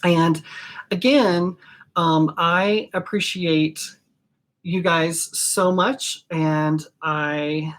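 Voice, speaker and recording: A woman hosting a live stream, talking in a heartfelt way with many ums and pauses. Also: fairly low pitch, steady tone. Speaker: host of a perfumery channel. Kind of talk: casual live-stream sign-off.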